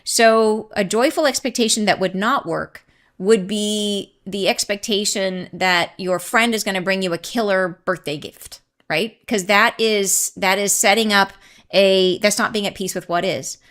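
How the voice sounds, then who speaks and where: A woman hosting a spiritual podcast, chatty and excitable, who laughs often and drifts into tangents. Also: mid-range voice, unhurried. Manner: chatty, rambling, goes off on tangents. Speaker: podcast host and channeler. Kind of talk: casual spiritual talk to listeners.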